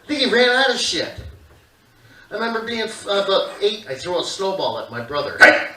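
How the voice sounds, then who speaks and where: A man's voice: high-pitched, a little fast, a little hiss or hum. A man doing brash, swearing stand-up comedy live on a theater stage, heard through an echoey room from a distant mic with an audience. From Canada. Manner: brash, swearing, animated storytelling.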